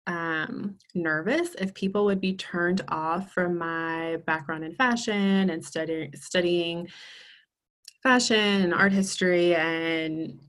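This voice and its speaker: A woman's voice: on the low side, fairly bright tone. Earnest woman guest with frequent ums. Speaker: podcast guest. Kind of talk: casual interview conversation.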